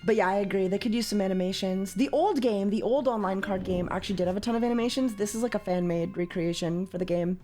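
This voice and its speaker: A young woman from Canada chatting casually as a streamer while playing a card game, with sudden loud, high exclamations. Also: fast, hardly any pauses, soft background music.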